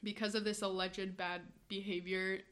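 Young woman podcast cohost, bright tense voice, chatty storyteller. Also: medium pitch, moderate pace. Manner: chatty, many "like" fillers, animated storytelling. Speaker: podcast co-host. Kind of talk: casual chat.

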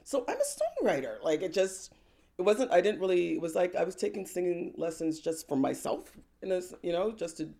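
Animated woman singer telling stories. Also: on the low side, brisk, creaky. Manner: lively, laughs often, acts out quotes. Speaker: singer-songwriter guest. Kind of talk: animated personal storytelling.

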